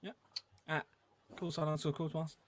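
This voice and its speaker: A man with a fairly high voice, hosting a casual podcast and reading listener messages. He rambles loosely and fills gaps with um and uh. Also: moderate pace, slight background noise. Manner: relaxed, rambling, with frequent ums. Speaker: podcast host.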